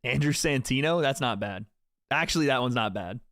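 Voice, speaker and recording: A man's voice: mid-range voice, animated, a little fast, a bit bright, no echo, clean studio sound. A young man hosting a livestream, joking and swearing casually as he talks to his chat. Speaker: streamer host.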